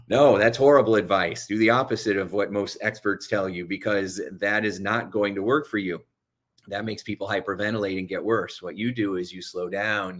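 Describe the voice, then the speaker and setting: A man, a hypnotherapy coach, talking fast and urgently as he gives motivational self-help advice on calming anxiety. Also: lowish voice.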